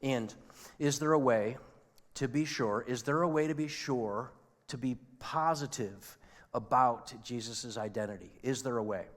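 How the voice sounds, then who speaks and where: A man's voice: medium pitch, a little slow, big-room sound. A man preaching a sermon as pastor, talking conversationally and asking his listeners questions. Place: church sanctuary.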